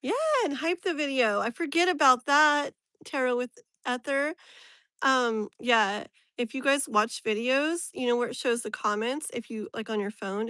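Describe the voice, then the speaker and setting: A woman's voice: a little high, a bit bright, dry recording. A woman reading tarot on a live stream, chatting casually with viewers, laughing often and greeting them by name. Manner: rambling, filler-heavy.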